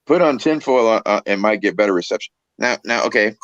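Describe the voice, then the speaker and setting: A man's voice: lowish voice, animated, fast talker, a bit bright, dry recording, lo-fi sound. A man hosting a casual livestream chat on his phone, rambling, joking and swearing as he goes. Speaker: host of a trucking livestream. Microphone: phone held in hand.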